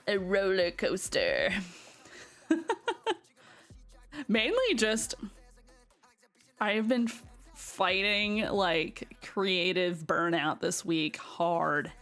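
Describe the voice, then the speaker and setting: Woman, Southern American accent, streamer, casual chat, giggly, bright greetings, soft music underneath. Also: medium pitch. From Southern United States. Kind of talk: casual chat with live stream viewers while building.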